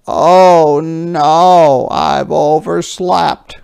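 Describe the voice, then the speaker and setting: A man's voice: a little high, animated, a little slow, gravelly, a little mellow, pitched above the performer's own voice, heavily acted. A man voicing a sleepy, fussy storybook groundhog, flustered and a little whiny.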